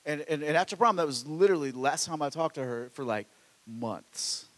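A man with a high voice preaches a sermon in a church, his words ringing with the long reverb of a large hall. He swings between loud, animated exclamations and quiet, intimate asides, stumbling over restarts as he presses his point. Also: brisk. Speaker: pastor.

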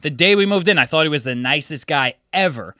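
A man, a podcast co-host, telling a story with lots of swearing and animated impressions of his friends. His voice is bright and sits a bit high. The sound is dry and close. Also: brisk, dry recording. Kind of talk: casual storytelling chat.

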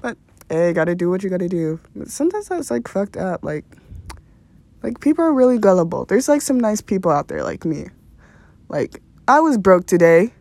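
A woman's voice: mid-range voice, sing-song, normal speed, creaky, dark tone, no room sound. A young woman hosting a podcast, telling a rambling story in a casual, profane way and laughing often. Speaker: podcast host.

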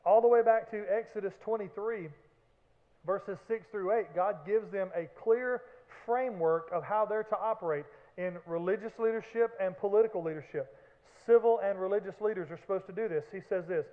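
Pastor guy preaching, fairly high voice, thin phone-like sound. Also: a little fast. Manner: animated preaching with acted-out shouts and asides. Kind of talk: sermon. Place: church sanctuary. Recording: echoey hall, phone-like band.

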